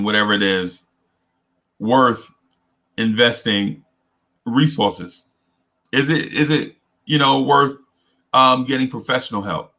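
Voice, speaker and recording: Earnest, halting man giving advice. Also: medium pitch, sharp tone. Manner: earnest, halting, repeats and restarts words. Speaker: host. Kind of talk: casual advice talk.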